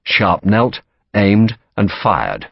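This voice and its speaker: A man reading a novel aloud as audiobook narration, steady and dramatic. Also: lowish voice, very slow, creaky, no echo, muffled recording.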